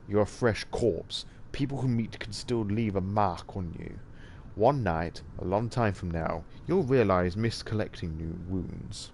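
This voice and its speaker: A man voicing a calm, measured older vampire artist who mentors his new fledgling in a game. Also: lowish voice, a little hiss or hum. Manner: measured, calm, slightly formal.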